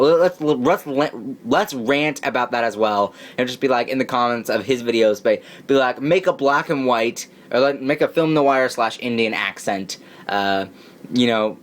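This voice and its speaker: A young man talks through his take on recent TV episodes in a loose, unscripted way. He stumbles, restarts and fills gaps with "uh" and "you know", then jumps into excited bursts. His voice sits at an ordinary middle pitch for a man. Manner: rambling, many fillers and restarts, excited. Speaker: channel host reviewing TV episodes. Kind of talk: casual spoken review.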